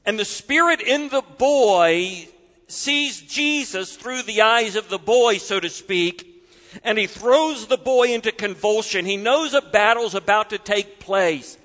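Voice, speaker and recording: High, bright-voiced male preacher in a reverberant hall. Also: a little slow. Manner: expressive, acts out quoted voices with sudden soft drops. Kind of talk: sermon.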